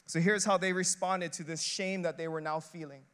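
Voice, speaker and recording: A man with a notably high speaking voice delivers a sermon as an associate pastor. He preaches conversationally and emphatically, leaning on rhetorical questions and stacking short repeated phrases. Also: fairly even intonation, normal speed, a bit bright, smooth.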